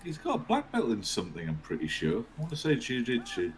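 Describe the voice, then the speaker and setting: A man's voice: medium pitch, huge pitch swings, fast, background noise. A man co-commentating a game livestream, chatty, joking and swearing freely.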